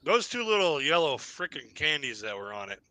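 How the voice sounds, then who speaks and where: Male streamer, storyteller, wry and salty, bright, slightly high voice, dry sound. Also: big pitch swings, fairly quick, no room sound. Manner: wry, swears freely, acts out quoted voices. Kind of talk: casual storytelling chat.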